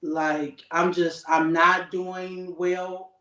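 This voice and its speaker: Animated woman storytelling in echoey room. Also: fairly low pitch, extremely slow, far from the mic. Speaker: podcast co-host. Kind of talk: casual podcast chat.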